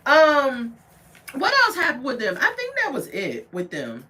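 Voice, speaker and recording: Animated, bright-voiced woman giving a gossipy recap. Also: on the high side, moderate pace. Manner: animated, gossipy storytelling with acted-out quotes; outspoken and judgmental. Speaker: TV show reviewer. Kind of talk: casual recap and commentary.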